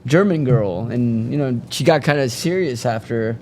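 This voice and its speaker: A man's voice: mid-range voice, normal speed, darkish tone, a little hiss or hum. A man in his forties, a comedian guest on a casual podcast, joking and telling stand-up bits. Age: 40s.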